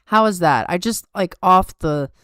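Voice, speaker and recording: A woman's voice: lowish voice, unhurried, a bit bright, smooth, no room sound, clean studio sound. A woman hosting a casual live-stream chat, upbeat and chatty, reading comments aloud, tired late at night. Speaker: podcast host.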